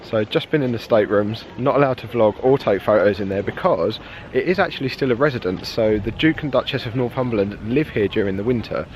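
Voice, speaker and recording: A man's voice: mid-range voice, expressive, a little fast, a little hiss or hum. A British man narrating a casual travel vlog outdoors, chatty and joking. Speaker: vlogger. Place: outdoors at a castle.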